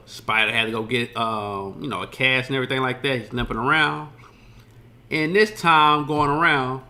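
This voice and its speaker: A man's voice: medium pitch, gravelly, bright, forceful tone. A man streaming a casual reaction commentary, rambling loosely and swearing freely as he retells scenes.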